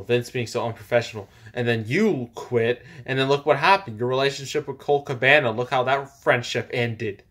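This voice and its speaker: A man's voice: mid-range voice, fairly bright tone, lightly acted. A man voicing an arrogant male pro wrestler in a fan parody skit, trading boastful, needling trash talk.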